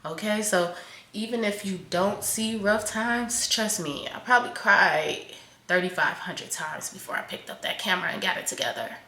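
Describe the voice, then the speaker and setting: A young woman venting candidly to camera in a home vlog, swearing freely and swinging between loud outbursts and soft, quiet admissions. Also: mid-range voice, moderate pace. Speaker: vlogger. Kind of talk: raw confessional venting to camera. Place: home kitchen, in doors. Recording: echoey room.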